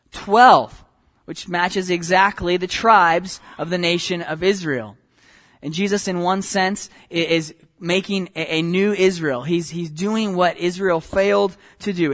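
High-voiced man preaching a sermon. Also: fairly bright tone. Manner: reads scripture aloud with shifting pace and emphasis; self-correcting, informal asides. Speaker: pastor.

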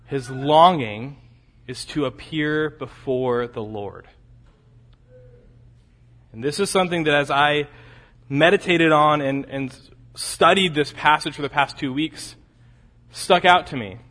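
Preaching an expository sermon, a man repeats key phrases for emphasis and moves between loud, urgent peaks and quiet, low drops. He goes slowly with frequent pauses, and a long reverb tail follows his words.

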